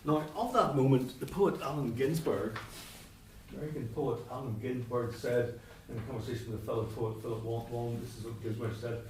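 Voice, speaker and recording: A man's voice: medium pitch, fairly quick, a little mellow, a little hiss or hum. A man giving an academic lecture on poetry, thinking aloud with asides and restarts. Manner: discursive, self-interrupting, with asides. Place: church hall. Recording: distant mic, echoey church hall.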